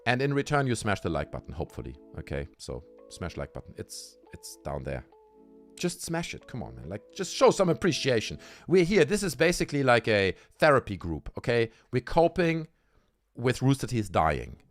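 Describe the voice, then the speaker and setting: A livestream host with a medium-pitched voice that swoops wildly rants heatedly at a normal speed, swearing a lot and talking straight to his chat while he drinks. Faint music plays behind this casual rant.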